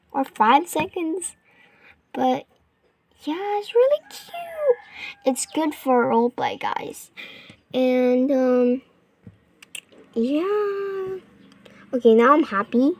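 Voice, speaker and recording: A young woman casually narrating her gameplay, rambling with lots of fillers and excited gasps. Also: on the high side. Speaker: gaming vlogger. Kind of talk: casual game commentary.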